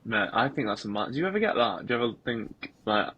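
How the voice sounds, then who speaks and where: A male podcast host with a husky voice talks casually with his guest. His pitch swings widely as he reacts. He swears offhandedly and is quick to laugh along. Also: sing-song, no room sound, lo-fi sound.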